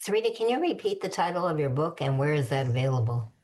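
A woman's voice: sits low, big pitch swings, quick pace, a little mellow. A woman hosting a show and interviewing poets, speaking hesitantly with many fillers. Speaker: radio show host.

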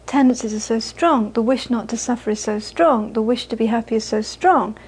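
High-voiced woman teaching Buddhism. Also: a little fast, a little mellow, breathy edge, poor audio. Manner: earnest, repeats phrases for emphasis, laughs while telling stories. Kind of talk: live dharma talk to an audience.

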